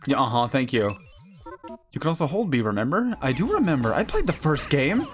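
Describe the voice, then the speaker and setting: A man's voice: medium pitch, very animated, brisk, faint music behind. A man casually commentating on a game as he plays, joking, swearing and laughing often. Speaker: streamer.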